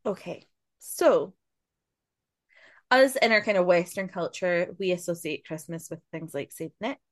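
A Scottish woman co-hosts a podcast, telling spooky folklore in a lowish, expressive voice at an unhurried pace. She's chatty, swears freely and adds laughing asides, with no room sound.

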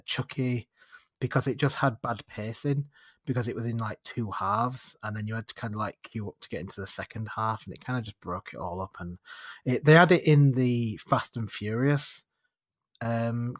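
A man's voice: medium pitch, no echo, clean studio sound. A man with a Northern English accent, chatting casually about a trip, rambling and laughing easily. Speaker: podcast guest. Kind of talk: casual chat.

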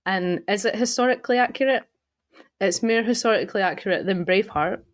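A woman's voice: mid-range voice, a little fast. A woman hosting a history podcast, chatting casually and wryly before introducing the episode's topic. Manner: laughs often, chatty and wry. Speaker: podcast host, history presenter. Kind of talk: casual chat.

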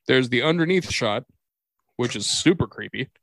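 A man's voice: mid-range voice, animated, normal speed, gravelly, a bit bright. A man co-hosting a podcast in casual chat, laughing often and swearing as he tells stories. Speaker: podcast co-host.

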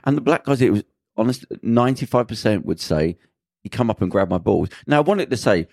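A man's voice: on the low side, quick pace, no room sound, studio quality. A man hosting a podcast, telling a long anecdote in casual conversation and acting out what people said. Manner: animated anecdote-telling, acting out quoted lines. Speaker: podcast host.

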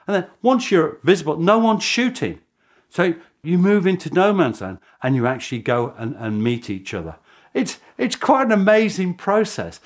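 A man speaking as a historian in a documentary interview, telling the story with chuckles and restarts. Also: high voice.

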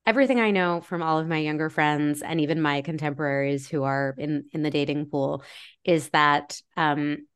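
A woman in her forties with a notably low voice speaks as a podcast guest. She talks candidly and bluntly, dropping plenty of "like" and "you know" along the way. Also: fairly even intonation, moderate pace, smooth. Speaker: guest author. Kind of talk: conversational podcast interview.

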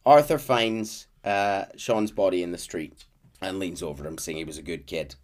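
Low-voiced man retelling a story. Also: moderate pace. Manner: animated retelling with fillers. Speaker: podcast host recapping a game story. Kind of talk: casual storytelling recap.

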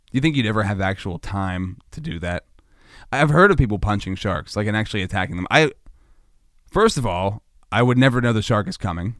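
A man riffing alone on his podcast in a goofy, rambling way, now and then jumping into shrill mock panic. His voice sits in an ordinary middle pitch. It sounds close and dry, with no room around it. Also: expressive, a little fast, fairly bright tone, dry recording. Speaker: podcast host. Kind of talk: solo comedic podcast monologue.

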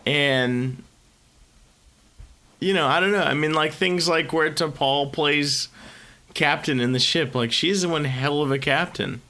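A man with a scratchy, under-the-weather voice chats casually as a podcast co-host. He talks slowly and easily, with a fairly high, bright tone, and drops a curse here and there. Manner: slow, laid-back, swears casually. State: sick, scratchy voice. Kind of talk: casual chat.

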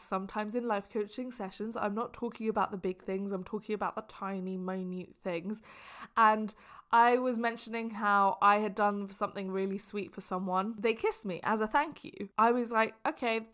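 A woman hosting her own solo podcast, talking in a gushing, effusive way and telling stories with big animated reactions. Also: mid-range voice. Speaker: podcast host.

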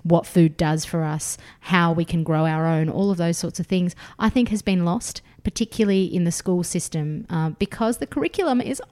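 A woman's voice: lowish voice, normal speed, hardly any pauses, mellow. An Australian woman in her thirties, a food author chatting enthusiastically as a podcast guest, with plenty of fillers. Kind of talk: casual podcast interview.

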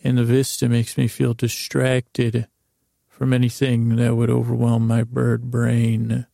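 A man's voice: mid-range voice, monotone, measured pace, vocal fry, mellow, dry recording, studio quality. A man voicing a chatty male bird who used to be a grass salesman, in his own casual, rambling voice. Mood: matter-of-fact.

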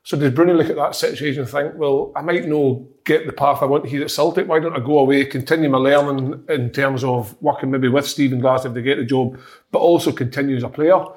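A man's voice: mid-range voice, steady tone, a little fast, a little mellow. Scottish man musing on football. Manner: thoughtful, repeats words as he works out his point. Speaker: football pundit. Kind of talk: casual podcast chat.

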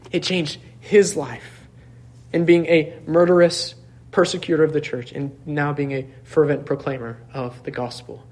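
Earnest young male pastor preaching. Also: on the high side. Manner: earnest, emphatic preaching, often addressing the congregation as "church"; self-deprecating asides and frequent restarts. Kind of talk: sermon.

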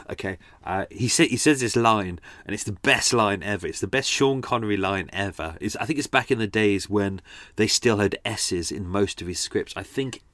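A man hosting a podcast, casually and self-deprecatingly explaining how he edited audio, often halting mid-sentence. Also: fairly low pitch, a bit bright, dry recording. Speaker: podcast host. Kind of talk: casual behind-the-scenes talk about audio editing.

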